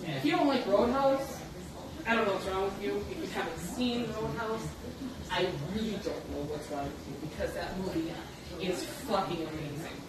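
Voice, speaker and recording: A woman's voice: medium pitch, moderate pace. Blunt, profane woman chatting in an echoey kitchen. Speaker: podcast host. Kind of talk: casual rambling monologue. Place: home kitchen. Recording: echoey room, far from the mic, noisy.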